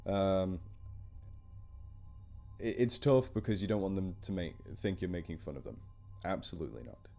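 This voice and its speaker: Soft music plays in the background as a northern English man reads horror stories on a live stream, chatting casually to viewers. His voice is low-pitched, gravelly, and dark, at normal speed with frequent pauses, and he rambles while over-enunciating.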